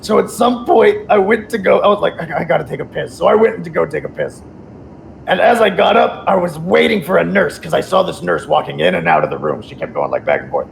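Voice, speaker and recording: A man's voice: high-pitched, big pitch swings, a little fast, gravelly, slight background noise. A man telling a rambling comic anecdote in a casual chat, laughing as he goes. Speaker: comedy podcast co-host. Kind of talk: casual comedic storytelling.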